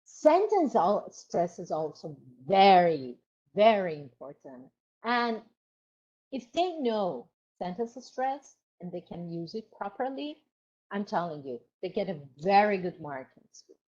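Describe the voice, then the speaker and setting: A woman teaching a lecture on exam preparation, explaining slowly and checking whether her students follow along. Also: medium pitch, sing-song, darkish tone. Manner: explanatory, asks the class questions. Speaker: teacher trainer. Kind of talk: online lecture. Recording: dull lo-fi recording.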